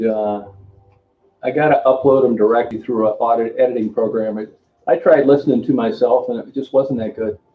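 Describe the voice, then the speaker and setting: An older man hosting a casual livestream, rambling and greeting viewers by name between remarks. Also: mid-range voice. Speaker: livestream host. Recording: tinny phone-like sound in an echoey room, faint music.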